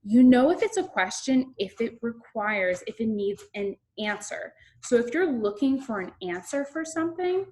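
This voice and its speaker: A young woman teaching kindergartners in an online class, talking in an animated, expressive teacher voice. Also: a little high, normal speed, few pauses.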